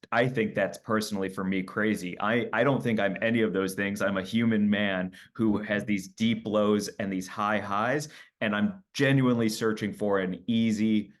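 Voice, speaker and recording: This is a man with a fairly low voice, speaking as a comedian guest in a relaxed interview. He tells his stories candidly and with animation, and he often acts out what he said or thought. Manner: animated storytelling, acts out his own quoted lines.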